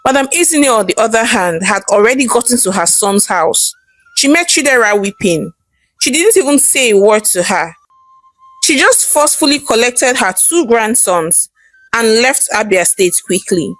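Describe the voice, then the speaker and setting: A woman narrating a folktale in an expressive, measured storytelling manner. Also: a little high, no echo, faint music behind, low-quality recording.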